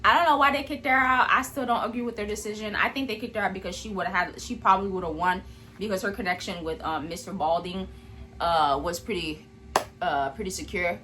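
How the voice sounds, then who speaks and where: A woman vlogger talking in a blunt, profane and animated rant, speaking indoors in a room at home. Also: mid-range voice, brisk. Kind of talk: casual commentary rant.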